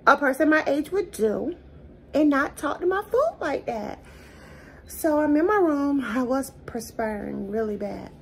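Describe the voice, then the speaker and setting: A woman's voice: high voice, measured pace, creaky. A woman hosting a casual home cooking vlog, chatty and joking, laughing at her own jokes. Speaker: cooking show host. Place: home kitchen. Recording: distant mic with steady background noise.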